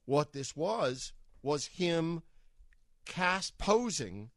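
Male talk radio co-host, slightly high voice, wry and emphatic, dry studio mic. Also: big pitch swings, dry recording. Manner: wry, emphatic, quick with quips. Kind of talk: political talk radio commentary.

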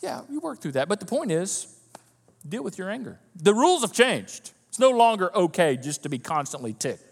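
A high-voiced male pastor preaches in a lively way, acting out the people he quotes. His voice carries a long reverb from the church hall. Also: moderate pace, vocal fry, husky. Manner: animated, acts out quoted voices of listeners. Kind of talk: sermon.

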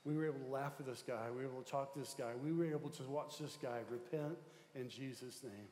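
Animated pastor preaching in echoey hall. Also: male voice, mid-range voice, quick pace. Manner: animated, swings from loud excitement to hushed tones. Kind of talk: sermon storytelling. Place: church sanctuary.

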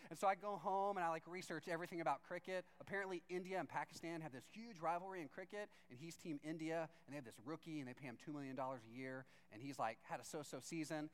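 A man telling a funny personal story to a church audience, animated and self-deprecating, with sudden excited outbursts. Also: on the high side, fast talker, hardly any pauses, clean tone. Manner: animated, self-deprecating, jumps into excited shouts when acting out his own reactions. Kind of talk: comic storytelling.

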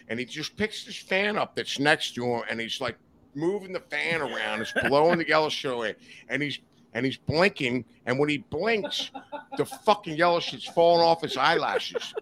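A man's voice: mid-range voice, a little hiss or hum. A man telling a wild story as a podcast guest, cursing freely and laughing as he goes. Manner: profane, animated anecdote-telling with laughter. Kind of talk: casual storytelling. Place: podcast studio.

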